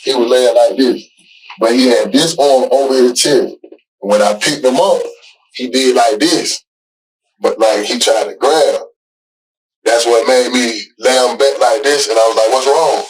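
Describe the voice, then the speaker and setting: Husky father in a police interview, heard from far off in the room, rambling and halting. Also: medium pitch.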